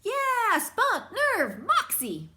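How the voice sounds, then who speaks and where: A woman voicing a brash, bullying big boy bear cub in a storybook, loud and mocking. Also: high voice, wildly swooping pitch, normal speed, voice pushed up. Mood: swaggering.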